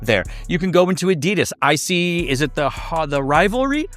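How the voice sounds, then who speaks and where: A man's voice: on the high side, very animated, fairly quick, fairly bright tone, faint music behind. A man giving a casual sneaker review, chatty and loose, with many fillers and restarts.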